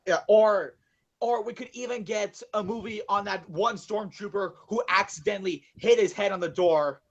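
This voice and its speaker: A man's voice: sits high, normal speed, highs cut off. A man co-hosting a casual podcast about movies, rambling with many fillers and swearing. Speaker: podcast co-host.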